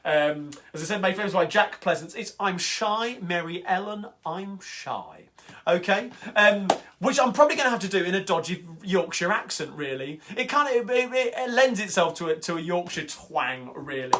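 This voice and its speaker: A man's voice: sits high, very animated, a little fast, few pauses, a bit bright, a little hiss or hum. A man hosting a singalong livestream, chatting casually and eagerly between songs with plenty of ums and uhs. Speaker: singalong host. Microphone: home livestream mic. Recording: guitar music close behind the voice.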